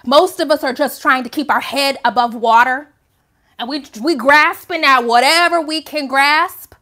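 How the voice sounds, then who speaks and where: Bright, high-pitched passionate woman. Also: moderate pace. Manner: passionate, emphatic, conversational with rhetorical questions. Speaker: host. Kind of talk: live video commentary.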